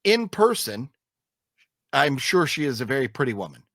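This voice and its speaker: A man hosting a casual movie review, talking in an animated, profane way and acting out scenes in mocking voices. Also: medium pitch, moderate pace, no room sound, studio quality. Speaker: film reviewer, podcast host.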